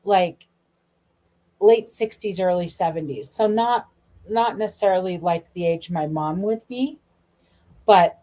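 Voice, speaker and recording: Casting note: middle-aged female host, chatty storyteller, mid pitch, lots of quoted back-and-forth. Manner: chatty, animated, many asides and quoted dialogue. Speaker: podcast host. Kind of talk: casual storytelling.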